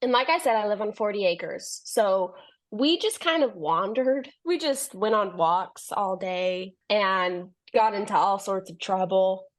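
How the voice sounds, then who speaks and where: A woman's voice: medium pitch, a little slow. A young adult woman, a podcast guest, telling a long story in casual chat, laughing often and acting out what people said.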